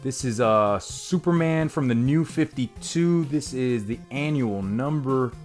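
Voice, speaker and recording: A man chatting casually to his viewers while unboxing comics and tasting bourbon, often calling them "guys" and filling pauses with fillers. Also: mid-range voice, animated, darkish tone, faint music behind. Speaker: vlogger reviewing comics and bourbon.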